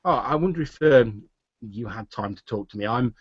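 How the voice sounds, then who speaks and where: Soft-spoken polite woman, played by a man, hesitant, gentle, lo-fi dull recording. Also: medium pitch, animated, moderate pace, slightly rough, no echo. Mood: earnest.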